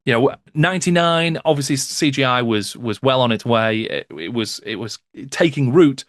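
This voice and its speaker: A man's voice: medium pitch, lively intonation, normal speed, a bit bright, no room sound, studio quality. A man guesting on a film podcast, talking thoughtfully with frequent restarts. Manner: thoughtful, with many restarts and "you know"s. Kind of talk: casual film podcast chat.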